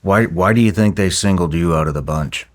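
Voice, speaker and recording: A man hosting a podcast interview, reacting with short interjections and asking halting questions. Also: low voice. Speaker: podcast host. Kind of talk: casual interview.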